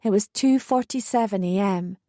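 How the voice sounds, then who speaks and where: A woman's voice: mid-range voice, moderate pace, warm tone, no echo, studio quality. A woman narrating a first-person true story audiobook with feeling. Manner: emotional memoir reading, acting out quotes.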